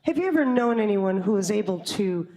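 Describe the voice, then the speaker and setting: Woman voicing a weird, slow-talking male healer, intense and odd. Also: high-pitched, expressive, dark tone. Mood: probing.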